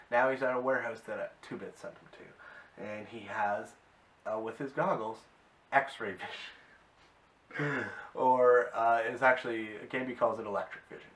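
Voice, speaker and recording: Male reviewer, low voice, loose enthusiastic recap full of fillers; distant mic with light hiss. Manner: rambling, filler-heavy, enthusiastic. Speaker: video reviewer. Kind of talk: casual episode recap.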